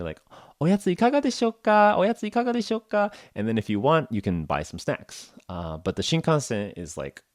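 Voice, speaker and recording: A man's voice: deep voice, no echo, studio quality. A man hosting a casual English-learning podcast, talking in a rambling, jokey way full of "like" and "uh". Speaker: podcast host.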